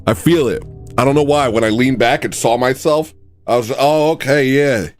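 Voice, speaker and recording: A young man hosting a comedic livestream, rambling and self-mocking, dropping to low mutters and jumping up to loud yells. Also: fairly quick, faint music behind. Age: young adult. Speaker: livestream host.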